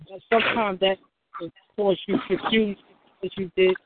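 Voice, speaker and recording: A woman's voice: mid-range voice, steady tone, moderate pace, heavy background noise. A woman hosting a call-in show, giving casual advice, often restarting and acting out little dialogues. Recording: tinny phone line.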